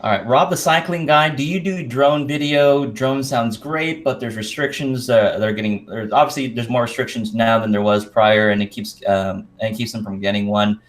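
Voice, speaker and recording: A man's voice: mid-range voice, moderate pace, few pauses. A man hosting a live stream who reads out viewer questions and answers them in an easygoing way, laughing often. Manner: easygoing, laughs often, stumbles over names. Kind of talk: casual live-stream chat, reading viewer comments.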